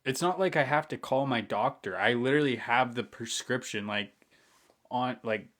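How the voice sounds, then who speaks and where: A man's voice: mid-range voice, normal speed, fairly bright tone. A young man venting to the camera in a frustrated, swearing rant, muttering some lines under his breath. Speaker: vlogger.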